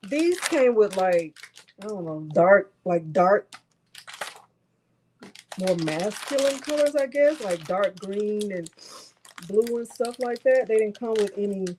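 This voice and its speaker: A woman's voice: medium pitch, animated, slow pace, pauses often, dark tone, a little hiss or hum. A woman hosting a live craft tutorial, talking in a chatty, rambling way with lots of fillers and restarts. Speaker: crafting host.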